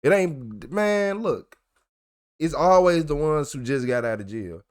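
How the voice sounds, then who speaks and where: A man's voice: a little high, expressive, measured pace, a little hiss or hum. A man giving profane, ranting reaction commentary as the channel host.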